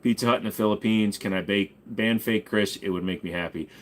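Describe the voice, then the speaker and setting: A man's voice: on the low side, brisk. A man hosting a casual ask-me-anything livestream, joking, swearing and reading chat while bidding on items. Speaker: streamer host.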